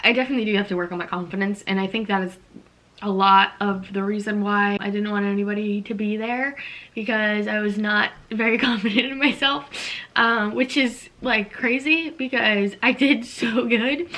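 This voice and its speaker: A woman's voice: medium pitch, steady tone, moderate pace, bright, forceful tone. A young woman vlogging casually to camera, chatty and emotionally open, saying "like" a lot.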